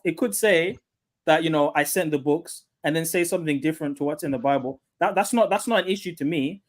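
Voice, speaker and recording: A man hosting a live panel debate, cutting in and repeating himself to hold the floor. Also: on the high side.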